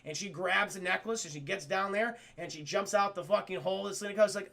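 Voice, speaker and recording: A man streaming a cartoon review, retelling scenes in a profane, excitable way and talking straight to his chat. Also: high voice, vocal fry. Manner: profane, excitable storyteller who keeps addressing chat; acts out the characters' lines in quick voices. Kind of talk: casual livestream recap.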